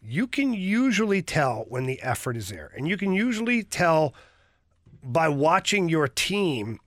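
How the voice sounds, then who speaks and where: A man hosting a sports radio show, with a bright, forceful voice pitched a little high. He jokes with his co-host and reads out listener messages. The studio sound is dry and close. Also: sing-song, measured pace, no echo. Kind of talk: sports talk radio chat.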